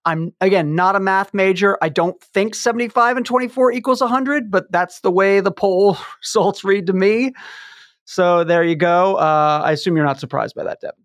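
A man's voice: sits high, normal speed, no echo, clean studio sound. A man in his fifties hosting a podcast, bantering playfully in casual chat. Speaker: podcast host.

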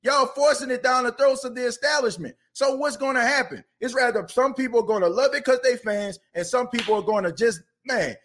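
A man's voice: very high voice, fairly quick, fairly bright tone. A man hosting a sports podcast, ranting with passion and repeating himself. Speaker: podcast host. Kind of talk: fired-up sports podcast rant.

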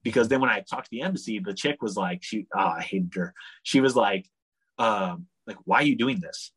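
A young man casually telling a long travel story as a guest, animated and full of "like," acting out the people he quotes. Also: lowish voice, normal speed, husky, poor audio. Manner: animated, leans on "like" a lot, acts out the people he quotes.

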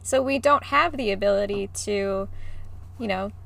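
A woman podcast co-host chatting casually over a video call, giggly and quick to apologize. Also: mid-range voice, gravelly, a bit bright. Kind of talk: casual chat. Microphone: podcast mic over video call.

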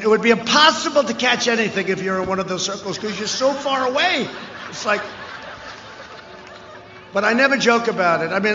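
A man giving a rambling, off-the-cuff rally speech, repeating himself, with mocking asides and shouted lines. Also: high-pitched, slight background noise. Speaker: political candidate speaking at a rally. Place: large rally venue. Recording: echoey, lo-fi rally sound with long reverb.

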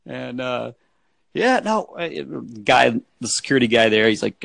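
A man with a gravelly, creaky voice chats loosely, restarting sentences and laughing as he tells his stories. The sound is dry and close. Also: mid-range voice, very animated, normal speed, a bit bright, dry recording. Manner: rambling, laughs often, restarts. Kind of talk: casual storytelling chat.

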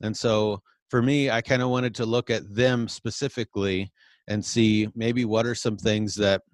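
A man co-hosting a casual talk show, speaking in a relaxed, hesitant way with many fillers. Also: fairly low pitch, normal speed, no room sound, clean studio sound. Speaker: podcast co-host. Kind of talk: casual conversation about preaching.

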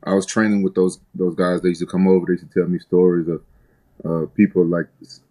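A man from the United States speaks in a fairly low register, laid-back and loose as a talk-show guest. He rambles with frequent restarts and drops swear words freely. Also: little pitch movement, fairly quick, mellow, poor audio. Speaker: guest fighter. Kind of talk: casual interview storytelling.

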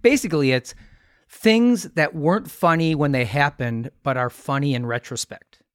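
A man's voice: a little high, moderate pace, clean tone, no echo. Chatty male podcast host, dry mic. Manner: chatty, laughs along, shares own stories. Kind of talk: casual interview chat.

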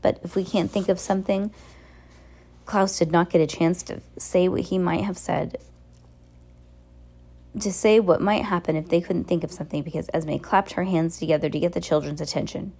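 A woman narrates an audiobook in a low, gravelly voice. Her tone is dark and mellow, and she reads steadily. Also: fairly even intonation, moderate pace. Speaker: audiobook reader.

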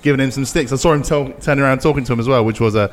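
A man's voice: medium pitch, racing. A man appearing as a guest fan on a pub podcast, talking enthusiastically. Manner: upbeat, enthusiastic. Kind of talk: casual pub chat.

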